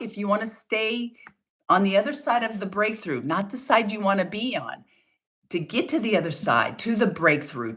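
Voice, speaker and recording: Middle-aged woman wellness coach, emphatic and encouraging, animated delivery, rhetorical questions. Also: medium pitch. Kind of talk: motivational talk.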